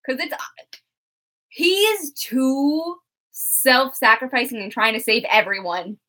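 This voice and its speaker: A woman's voice: sits high, takes it slowly, bright, forceful tone. A young woman co-hosting a live show discussion, chatty and giggly, reading out viewer comments. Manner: chatty, giggly, filler-heavy. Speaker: co-host.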